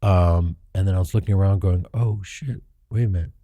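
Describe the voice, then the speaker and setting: A middle-aged guest actor and comedian from Chicago, United States, tells candid stories in an interview with a low, dark voice. He's animated and profane, pitching his voice higher when he acts out the people he quotes. The recording is brisk and dry, sitting close to the mic.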